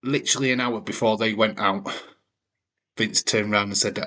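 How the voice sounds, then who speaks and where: A man's voice: lowish voice, steady tone, normal speed, long pauses, sharp tone. A man hosting a wrestling watch-along, giving blunt, opinionated commentary full of swearing and frequent restarts.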